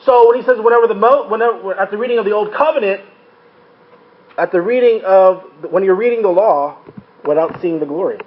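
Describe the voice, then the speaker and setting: A high-voiced man leads a Bible study, reading passages and pausing to ask his listeners whether they follow. The recording is muffled and lo-fi. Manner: frequent rhetorical checks like "right?". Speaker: Bible teacher. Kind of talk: teaching a Bible study class.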